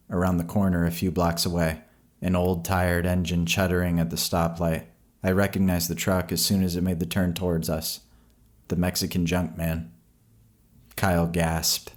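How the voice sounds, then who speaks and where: A man narrating a horror story in a slow, measured storytelling voice. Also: low-pitched, a little mellow.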